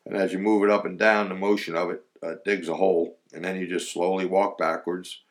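Here an ex-clammer swaps old stories in a loose, rambling way, padding them with fillers and breaking into laughter. He speaks briskly in a low-pitched, flat voice.

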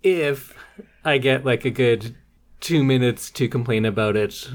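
A man's voice: medium pitch, measured pace. A man co-hosting a podcast in casual chat, wry and teasing, bluntly critical. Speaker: podcast co-host.

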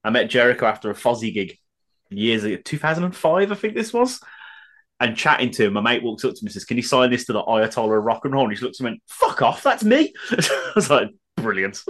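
A man's voice: medium pitch, fast. A man co-hosting a podcast, telling stories in casual chat and laughing often. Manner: laughing often, animated storyteller. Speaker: podcast co-host.

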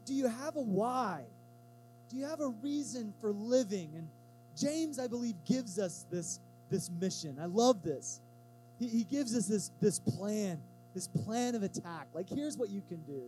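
A man preaching a sermon as pastor of a church, talking to the congregation in a relaxed, emphatic way and acting out quotes in lively voices. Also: high voice, measured pace, slight background noise, low-quality recording.

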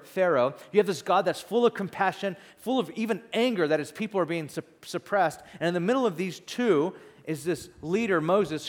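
A man preaching a sermon in a conversational, animated storytelling manner. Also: high-pitched. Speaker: pastor. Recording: long reverb in a hall.

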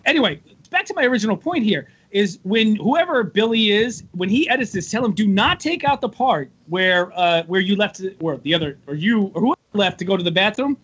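A crude, animated young man guesting on a podcast, telling stories and laughing. His voice is high and husky and swings widely. The audio is dull and lo-fi. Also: brisk, hardly any pauses. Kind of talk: casual chat.

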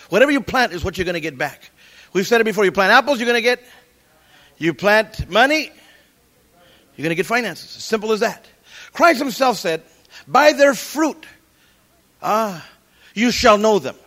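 High-voiced man preaching a sermon. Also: normal speed, long pauses. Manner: animated preaching with Bible quotes and jokes. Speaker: pastor.

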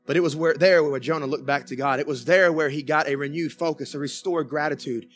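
A man's voice: fairly high pitch, steady tone, fairly quick, soft background music. A man with a Southern US accent preaching a sermon to his church, telling folksy stories and calling out to the congregation for an amen. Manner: folksy storytelling with asides to the congregation. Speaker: pastor. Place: church sanctuary.

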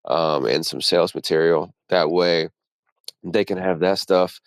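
A man's voice: deep voice, measured pace, smooth, no echo. A man chatting casually on a podcast, laid-back and rambling, swearing freely as he talks about his work. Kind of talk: casual chat.

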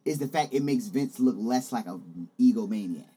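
A man's voice: medium pitch, lively intonation, moderate pace, dark tone, breathy edge. A man chatting casually about wrestling, laid-back and swearing, repeating his points.

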